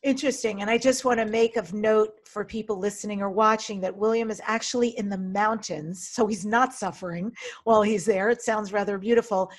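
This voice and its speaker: A woman's voice: mid-range voice, steady tone, brisk. A woman hosting a podcast interview in a chatty way, laughing easily as she introduces topics and asks questions. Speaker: podcast host.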